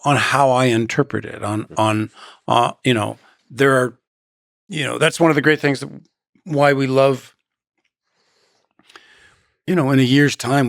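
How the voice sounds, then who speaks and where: A man's voice: medium pitch, creaky, fairly bright tone, dry recording, studio quality. A man in his sixties, a guest actor in a conversational interview, reflective and given to anecdotes.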